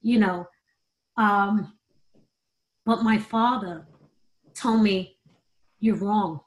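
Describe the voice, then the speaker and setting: A woman's voice: medium pitch, fairly even intonation, drawn-out words, poor audio. A middle-aged woman, a performer, telling emotional personal stories in a candid, conversational interview. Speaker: guest, performer.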